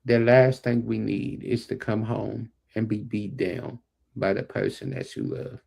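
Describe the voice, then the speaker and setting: Speaking at a measured pace, this podcast co-host and executive producer presses his points hard and says them more than once in a casual chat. His lowish voice is expressive and darkish, slightly rough, with vocal fry.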